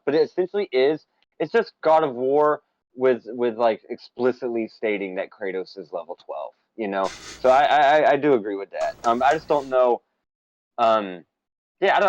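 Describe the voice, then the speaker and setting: A man's voice: mid-range voice, no room sound, highs cut off. A man co-hosting a casual game discussion, opinionated and running through a list of points with playful asides. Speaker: podcast co-host. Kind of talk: casual conversation about games.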